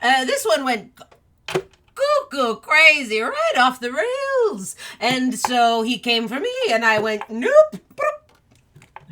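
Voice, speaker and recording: A woman voicing a manic, excitable male hatter who shouts with glee. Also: high voice, slow, a little hiss or hum, pitched above the performer's own voice, heavily acted. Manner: loud, exuberant.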